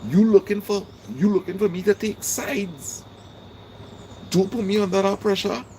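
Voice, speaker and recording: A man with a Trinidadian accent giving a casual motivational talk, emphatic and repeating his points, his voice jumping high when he makes them. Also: steady tone, normal speed, darkish tone, a little hiss or hum. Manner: emphatic, repeats lines for effect, jumps high in pitch. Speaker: vlogger.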